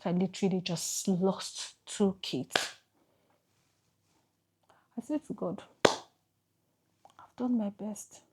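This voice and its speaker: A Nigerian woman vlogger telling an emotional personal story to camera, halting and repeating herself as she goes. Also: medium pitch, heavy background noise.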